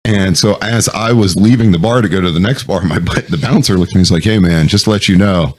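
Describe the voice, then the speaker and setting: A man's voice: low-pitched, fast talker, slight background noise. A man in his thirties, a Marine veteran and co-host, telling profane stories with lots of laughter in casual chat.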